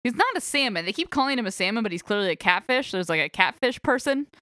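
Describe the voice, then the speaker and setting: A woman rambles through a story recap in a loose, chatty way, with frequent giggles and "um"s. Her voice is medium in pitch and recorded dry and close, with no room sound. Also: animated, fast talker, bright, forceful tone, dry recording. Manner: giggly, rambling with many fillers. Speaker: podcast co-host recapping a book. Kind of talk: casual chat.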